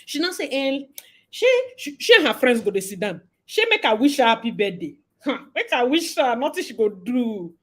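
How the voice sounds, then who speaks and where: A Nigerian woman with a husky, slightly raised voice delivers lively gossip commentary. She slips into Pidgin and acts out other people's lines with frequent laughter. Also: a little high, normal speed. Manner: animated, mixes Pidgin, acts out quotes, laughs often. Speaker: vlogger and commentator.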